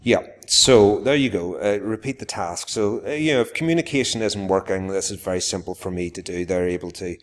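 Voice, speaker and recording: A man's voice: low-pitched, brisk, hardly any pauses. A man, a teacher giving a live classroom demonstration, explaining to viewers and turning to address his pupils directly. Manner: explains to viewers, then calls out warmly to pupils.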